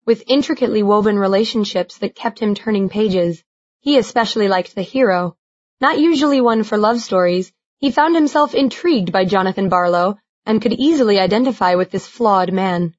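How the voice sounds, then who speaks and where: A woman narrating a novel in a measured, expressive reading. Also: medium pitch, highs cut off. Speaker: audiobook narrator. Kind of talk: scripted narration.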